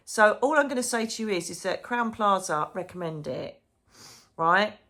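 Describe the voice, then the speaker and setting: A woman's voice: mid-range voice, lively intonation, moderate pace, fairly bright tone. A woman chatting emotionally in a casual diary vlog from a hotel room. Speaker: psychic medium vlogger.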